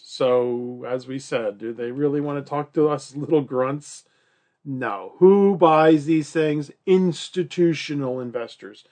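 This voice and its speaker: A man teaching a college class in an easygoing, joking manner. His voice sits a little higher than most men's, and his talk is full of fillers and playful acted-out quotes. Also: darkish tone. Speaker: college instructor. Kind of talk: recorded classroom lecture.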